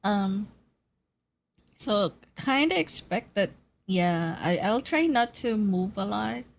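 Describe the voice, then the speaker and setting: A woman's voice: mid-range voice, animated, slow pace, vocal fry, slight background noise. A woman chatting on a live stream, greeting viewers by name and giggling often; she says she feels nauseous and dizzy. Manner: giggly, greets chat by name, bursts of laughter.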